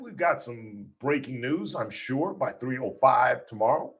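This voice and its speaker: A man hosting a radio talk show in a blunt, combative style. His voice sits at an ordinary pitch, and he tells stories with animated punch. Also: measured pace. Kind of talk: opinionated talk radio monologue.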